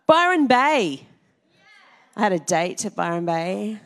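A woman's voice: medium pitch, sing-song, slow pace. A middle-aged Australian woman minister giving a chatty church talk, quizzing the congregation and laughing often. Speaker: Salvation Army minister.

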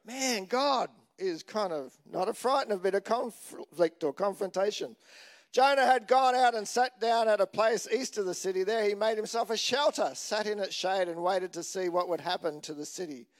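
Guy with a high voice giving a sermon, jokey, keeps asking the crowd stuff. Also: moderate pace. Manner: chatty, joking, asks the congregation questions. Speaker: pastor.

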